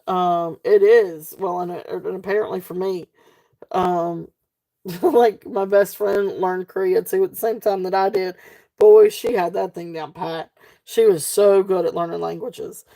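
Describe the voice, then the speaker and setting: A woman's voice: fairly low pitch, steady tone, a little slow, gravelly, warm tone. A woman with a Southern accent hosting a live jewelry sale, chatting casually and rambling off on tangents, laughing often. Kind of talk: casual live-stream selling chat.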